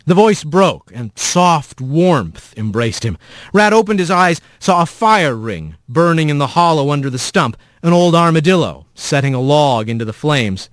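A man narrating a story in an expressive, unhurried reading. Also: on the high side, no echo, clean studio sound.

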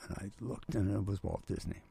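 An older man, a retired professor, telling lively anecdotes in a radio interview and acting out the voices of people he quotes. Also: sits low, fairly quick, creaky, husky, no echo. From Southern California. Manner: animated storyteller, acts out quoted voices. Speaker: guest storyteller.

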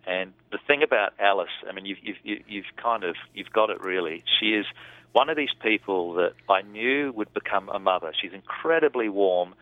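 Deep-voiced man on a phone line. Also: expressive, normal speed, no echo. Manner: thoughtful, rambling with restarts. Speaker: film director. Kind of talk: casual interview talk.

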